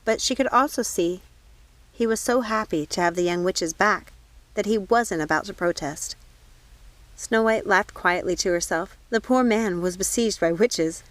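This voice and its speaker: A woman narrating an audiobook in a measured, even storytelling voice. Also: mid-range voice, no echo. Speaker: audiobook reader.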